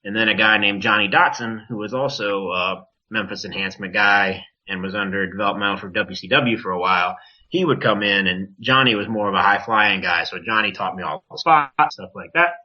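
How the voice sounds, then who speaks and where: A man's voice: on the low side, brisk. A man who wrestles, guesting on a podcast, telling a story casually and animatedly, swearing and acting out other people's lines. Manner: animated, profane, acts out quoted voices. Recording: dull lo-fi podcast audio.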